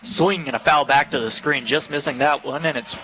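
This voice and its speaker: A man announcing a college baseball game play-by-play from a stadium booth, calling each pitch in brisk detail. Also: sharp tone, a little hiss or hum, poor audio. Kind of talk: live baseball play-by-play commentary.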